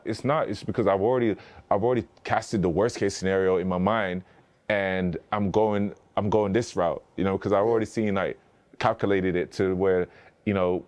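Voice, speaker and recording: A man in his thirties with a very low voice tells stories as a podcast guest. He rambles, restarts often and leans on fillers. He slips into acted-out quotes of what other people said. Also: steady tone, a little fast, a little mellow. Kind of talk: conversational interview storytelling.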